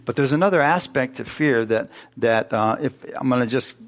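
A man's voice: mid-range voice, normal speed, slight background noise. A man preaching a sermon, emphatic and questioning his congregation, rising into exclamations. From United States.

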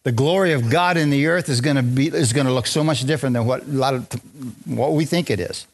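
A man preaching a lively, joking sermon in a church, drawing responses from the congregation. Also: medium pitch, quick pace. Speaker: pastor. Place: church sanctuary.

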